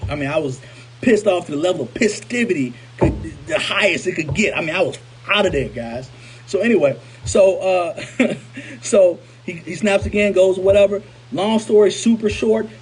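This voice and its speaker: A man telling a personal story to his viewers in an animated, conversational way, often repeating himself for emphasis. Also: high-pitched, a little hiss or hum, low-quality recording. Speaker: motivational speaker. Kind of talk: storytelling to camera.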